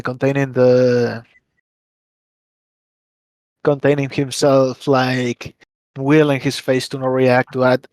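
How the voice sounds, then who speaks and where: A man's voice: mid-range voice, dry recording. A man playing in a tabletop game, describing what his character does with many hesitations. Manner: hesitant, restarts and fillers. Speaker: player.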